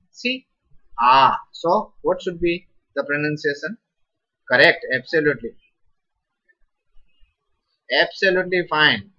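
During a live online class, an encouraging Sanskrit teacher with Indian English guides students through pronunciation, calling on each by name and praising their answers. His slightly high voice is bright and forceful, and he speaks slowly. The audio is dull and lo-fi.

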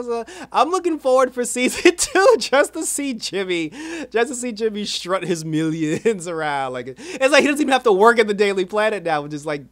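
A man casually recapping and reviewing an animated episode. He is animated, laughs often and acts out the characters' lines. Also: high voice, no echo, studio quality. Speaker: show reviewer.

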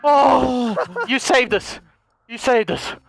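A man hosting a gaming video, shouting and swearing excitedly in voice chat with friends. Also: extremely high pitch, slow, vocal fry, over music. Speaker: gaming channel host.

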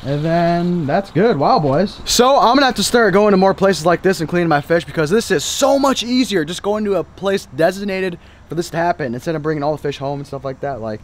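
A young man chatting excitedly to viewers while fishing and cleaning fish outdoors, calling them folks and boys. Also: high-pitched, fairly quick, hardly any pauses. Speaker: fishing vlogger. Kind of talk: casual outdoor vlog tutorial.

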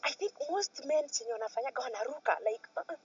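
A Kenyan woman tells her story with a voice that rises and falls sharply, dropping to near-whispers and then bursting out loud. Her tone is slightly husky and a little high. She sounds muffled, as if recorded from some distance. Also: fast. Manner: animated, switches between soft near-whispers and loud outbursts. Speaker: guest. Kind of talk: emotional personal storytelling.

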